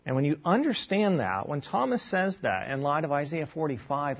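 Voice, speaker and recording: Husky-voiced man preaching a sermon. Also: fairly high pitch, big pitch swings, normal speed, few pauses, highs cut off. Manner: earnest teaching, reading scripture aloud, rhetorical questions.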